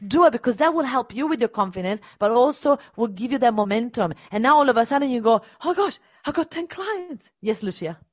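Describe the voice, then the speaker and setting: A woman hosting a live coaching session, talking in an energetic, encouraging and emphatic way. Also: fairly high pitch, quick pace, hardly any pauses, no echo. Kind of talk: live-stream coaching chat.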